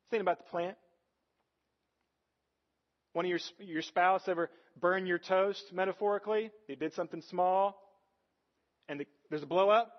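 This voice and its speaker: A man with a high voice preaches a sermon, earnest and conversational. He keeps turning to the congregation with rhetorical questions. The recording sounds a little dull and lo-fi. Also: steady tone, normal speed. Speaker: pastor.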